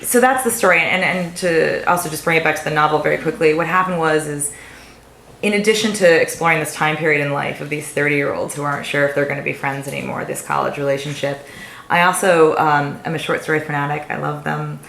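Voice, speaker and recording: A woman author chatting with an audience after a reading, retelling a story with lively asides. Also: low-pitched, fast, creaky. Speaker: visiting author. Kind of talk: casual talk and Q&A at a reading. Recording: echoey room with faint hiss.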